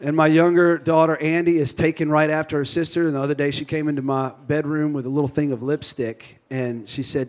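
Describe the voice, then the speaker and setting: A man's voice: fairly high pitch, flat delivery, brisk, hardly any pauses, darkish tone. A man in his thirties with a Louisiana accent preaching a sermon in a folksy, joking way, with restarts. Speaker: guest preacher. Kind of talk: sermon with storytelling.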